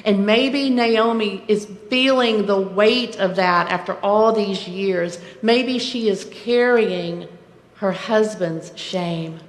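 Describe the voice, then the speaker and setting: Slow, reflective woman preacher. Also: medium pitch. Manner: reflective, asks rhetorical questions. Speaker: pastor. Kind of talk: sermon. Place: church sanctuary. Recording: echoey church sanctuary.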